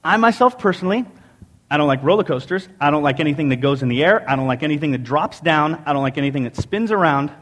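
A man preaching a sermon in an animated, joking storytelling way. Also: a little high, quick pace. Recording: long hall reverb.

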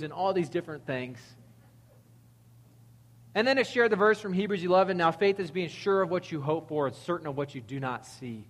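Male pastor, casual and animated sermon delivery, slightly high voice, echoing sanctuary. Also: a little fast. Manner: conversational, animated preaching with acted-out quotes.

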